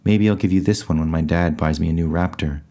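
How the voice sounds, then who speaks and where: A man's voice: low-pitched, steady tone, fast talker, warm tone, voice pushed down. A man voicing a smug, bullying rich teenage boy in a short story he reads aloud, taunting and sneering.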